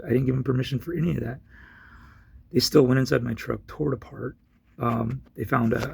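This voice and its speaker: A man with a gravelly, husky voice casually telling a long personal story, rambling with many restarts and getting loud when he retells his own yelling. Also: medium pitch.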